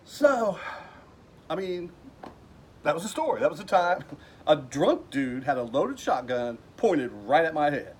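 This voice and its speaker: Slightly high-voiced man telling a story. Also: big pitch swings, measured pace, pauses often, a little mellow, breathy edge. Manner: rambling, with fillers and restarts, acting out quoted people. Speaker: vlogger telling a personal story. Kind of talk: casual storytelling. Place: at home.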